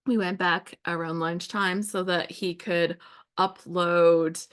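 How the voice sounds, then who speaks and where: A woman's voice: lowish voice, little pitch movement, slow pace, a bit bright, clear, resonant tone. A woman hosting a scrapbooking livestream, telling stories in a casual, chatty way with frequent laughs and fillers. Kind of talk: casual storytelling chat while crafting.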